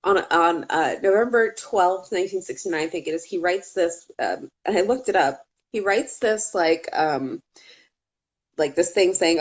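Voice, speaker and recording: A woman's voice: on the low side, expressive, normal speed. Chatty woman telling a true-crime story. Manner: chatty, laughing asides, swearing. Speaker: podcast co-host. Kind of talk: casual true-crime chat.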